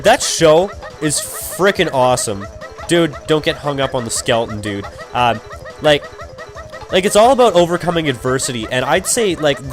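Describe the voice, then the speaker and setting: Rambling young man commenting over gameplay. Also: medium pitch. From Canada. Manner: rambling, heavy on "like" and swearing. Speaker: let's play commentator. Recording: faint game music behind.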